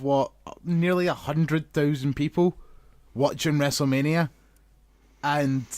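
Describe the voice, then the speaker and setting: A man's voice: fairly high pitch, no room sound. A man co-hosting a podcast in casual chat, sweary and jokey, often slipping into silly voices. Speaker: podcast co-host.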